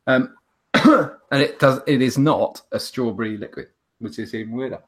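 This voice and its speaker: A man's voice: medium pitch, moderate pace, a bit bright. A man hosting a casual livestream chat, rambling and self-mocking, with lots of restarts. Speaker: host.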